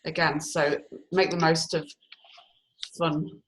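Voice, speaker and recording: Woman co-host reading numbers on a live stream, lowish voice, keeps saying sorry and laughing. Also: flat delivery, slow, a bit bright. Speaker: numerology co-host.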